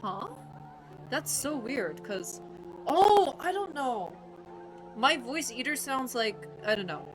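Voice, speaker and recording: A woman's voice: on the high side, big pitch swings, slow pace, a bit bright, low-quality recording. A young Irish woman live-streaming, chatting casually and defensively with viewers, her speech rambling. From Ireland. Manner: rambling, defensive, talks to chat. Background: game music.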